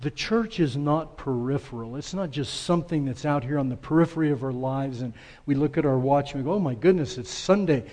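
A male pastor preaching a sermon dramatically, swinging between loud emphasis and soft, quiet asides. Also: mid-range voice, a little fast, hardly any pauses, in a large hall.

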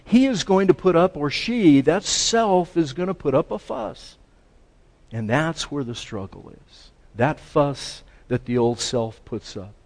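A man's voice: on the high side, expressive, measured pace, darkish tone. A man preaching a sermon to a class, earnest and building to emphatic stress, often restarting his sentences. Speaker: pastor teaching a class.

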